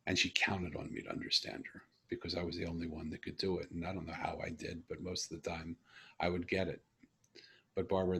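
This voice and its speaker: Husky, deep-voiced man telling a story. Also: fairly bright tone. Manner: earnest, reflective, with pauses and restarts. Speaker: host. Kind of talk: conversational storytelling.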